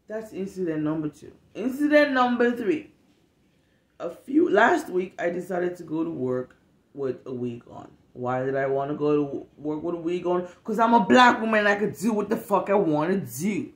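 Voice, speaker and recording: Woman doing a storytime, swears a lot, blunt and animated, room echo. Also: lowish voice, moderate pace. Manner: profane, blunt, animated, acts out quotes. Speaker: storytime vlogger who works with kids. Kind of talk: casual storytime monologue. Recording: roomy echo.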